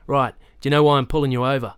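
A man voicing a jovial, burly male police constable with a rural Australian accent, loud and blunt. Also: medium pitch, fairly even intonation, very fast, clear, resonant tone, dry recording, studio quality, natural voice. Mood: teasing.

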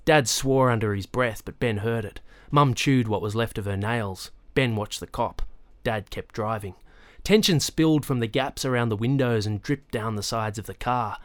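In a dry recording, a medium-pitched man narrates a novel for an audiobook. He reads the scripted text in an even, measured storytelling manner.

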